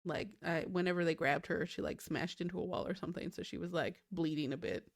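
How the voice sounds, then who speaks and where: A woman's voice: on the low side, steady tone, fairly quick. Chatty woman host, full of "likes". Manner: chatty, fills with "like" constantly. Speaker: podcast host. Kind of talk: casual chat recapping a show.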